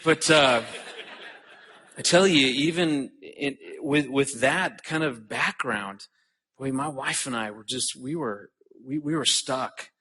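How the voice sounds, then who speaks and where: A man's voice: a little high, pushed and bright, breathy edge. A middle-aged man speaking earnestly at a conference, often repeating words as he starts a thought. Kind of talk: conference talk to an audience. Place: conference hall stage.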